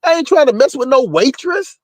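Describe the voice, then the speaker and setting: A man's voice: very high-pitched, very animated, a little fast. A man co-hosting a casual talk show, speaking bluntly and repeating words as he cuts in. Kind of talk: casual chat.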